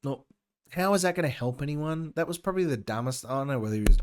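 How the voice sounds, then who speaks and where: Fast and expressive, with a medium-pitched voice and background noise behind him, a young Australian man hosts an opinion podcast. He reads the news aloud, then cuts in with sarcastic rants of his own.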